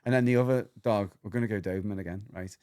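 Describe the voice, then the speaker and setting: A man with a fairly low voice chats as a podcast co-host. He tells animated stories, slips into playful voices and curses casually while explaining dog behaviour. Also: fast, smooth. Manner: animated storyteller who acts out dog voices and swears freely. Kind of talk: casual chat.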